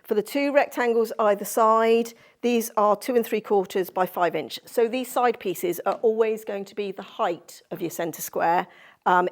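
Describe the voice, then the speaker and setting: Chatty woman, gravelly low voice. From Cornwall, England. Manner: chatty, effusive, gushing over fabrics. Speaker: sewing instructor. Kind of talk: quilting tutorial demonstration. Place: sewing studio.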